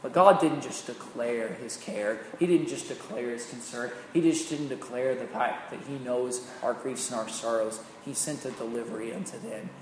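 A man preaching a sermon, swinging from loud, emphatic peaks to hushed, slow phrases. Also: medium pitch. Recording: echoey hall with long reverb, faint noise.

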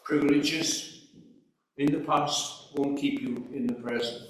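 A man's voice: mid-range voice, steady tone, slow pace, slight background noise. A man preaching a sermon in an earnest, emphatic way, asking rhetorical questions. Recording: echoey hall recorded from far off.

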